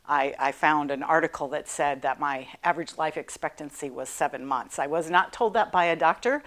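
In a low voice, a middle-aged woman who survived cancer tells her own story during a class talk, animated and self-deprecating, laughing often.

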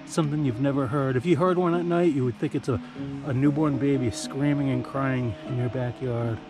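A man's voice: medium pitch, steady tone, brisk. A man casually vlogging outdoors in a backyard, talking in a laid-back, rambling way. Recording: clear music under the voice.

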